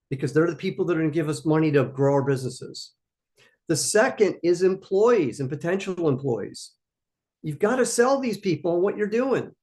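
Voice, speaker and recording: A man's voice: a little high, a little mellow. A man hosting a live question-and-answer stream for startup founders, giving emphatic, coaching answers and repeating his key points.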